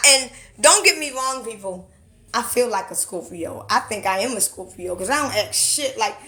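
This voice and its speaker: A young woman talks straight into her phone during a livestream. Her voice sits high and sounds bright and forceful, and she tells her stories in an animated, emphatic way, repeating her points. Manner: animated, loud storytelling with laughter, emphatic repetition. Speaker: TikTok live streamer. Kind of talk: casual livestream storytelling and musing. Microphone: phone camera.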